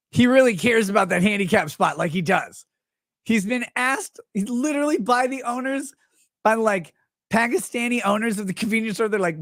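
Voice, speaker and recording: A sarcastic man riffing on the news as a livestream host. He mocks the people he describes and slips into quick put-on voices for them. The sound is dry and close, with almost no room. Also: high-pitched, a bit bright, dry recording. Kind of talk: casual commentary.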